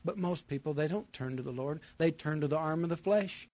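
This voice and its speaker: A man preaching a sermon, repeating his phrases with emphasis and moving between loud bursts and hushed lines. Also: on the high side, brisk, dry recording.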